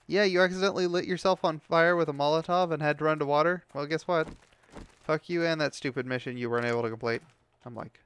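A man's voice: on the high side, fast, fairly bright tone, clear, resonant tone, dry recording. A young man giving casual commentary while playing a game, ranting and swearing when things go wrong. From United States. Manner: frustrated ranting, heavy swearing. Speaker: gameplay commentator.

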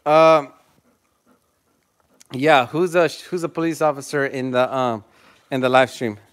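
A man's voice: mid-range voice, steady tone, a little slow. A man chatting casually on a live stream from his phone, calling to his dogs and laughing with viewers.

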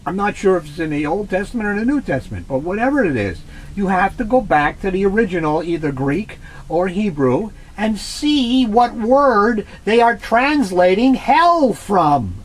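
Man, high voice, very lively pitch, emphatic and lecturing, faint hiss behind. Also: normal speed, poor audio. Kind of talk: heated religious discussion.

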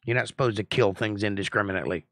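Blunt, bright-voiced middle-aged male teacher. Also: on the low side, rapid-fire, no room sound. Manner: blunt, assertive, lecturing. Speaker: Bible study teacher and host. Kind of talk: live-stream Bible study, reading out viewer comments.

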